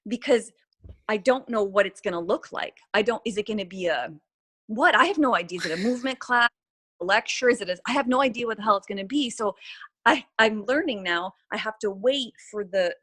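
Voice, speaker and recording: A woman talking as a podcast guest, animated and reflective, often restarting and trailing off mid-sentence. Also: mid-range voice, moderate pace. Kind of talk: casual podcast conversation.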